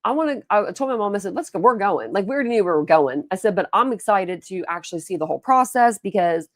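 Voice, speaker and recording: A woman's voice: medium pitch, animated, fast, no room sound, clean studio sound. A young woman hosting a livestream, telling rambling stories in a chatty, casual way and replying to her chat. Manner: rambling storytelling, chatty, reads and answers chat. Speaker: livestream host.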